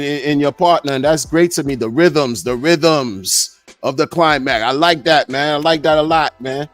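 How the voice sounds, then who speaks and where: Rambling middle-aged man hosting a podcast. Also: mid-range voice. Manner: loose, rambling, repeats "man" and "you know". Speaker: podcast host. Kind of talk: casual live-stream rambling.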